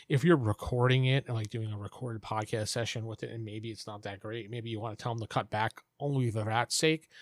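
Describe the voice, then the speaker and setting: A man's voice: medium pitch, no echo. Male host, casual advice monologue, loose and rambling delivery, dry recording, mid-range voice. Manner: rambling and conversational. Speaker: podcast host giving game master advice. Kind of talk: casual monologue answering listener questions.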